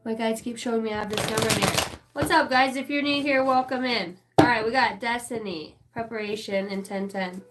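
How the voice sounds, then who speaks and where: A woman's voice: on the high side, brisk, fairly bright tone, a little hiss or hum, poor audio. A woman in her thirties giving a casual, profane, rambling live tarot reading as a channeler. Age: 30s.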